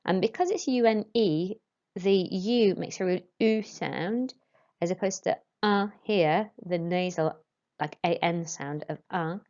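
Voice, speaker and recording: Woman teacher going slow over french words, lowish voice, kinda dull lo-fi sound. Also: darkish tone. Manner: slow, careful modelling of pronunciation for pupils. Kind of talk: recorded classroom lesson. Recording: dull lo-fi recording.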